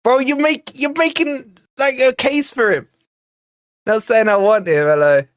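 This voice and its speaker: A man's voice: very high voice, unhurried, a bit bright. A young man hosting a live football watch-along, ranting and exasperated as he reacts to his chat. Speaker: fan channel host.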